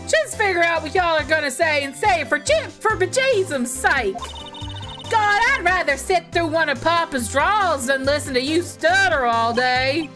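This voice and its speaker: Brash, folksy Southern gal with a drawl and a lively, swooping voice, as a woman reads her part; game music underneath. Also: extremely high pitch, a little slow, pitched above the performer's own voice. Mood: defiant. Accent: Southern US, put on. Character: brash loud Southern woman photographer, feisty. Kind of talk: reading game dialogue aloud. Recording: game music playing behind.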